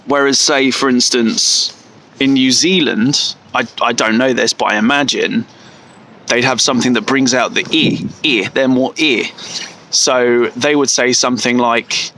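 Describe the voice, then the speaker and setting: A man's voice: mid-range voice, steady tone, noisy background. A man with an English accent musing aloud in a casual vlog, correcting himself as he goes and stretching out words to mimic how they sound. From England. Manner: slow, thinking aloud with restarts and self-corrections; playfully stretches vowels when mimicking pronunciations. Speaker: vlogger.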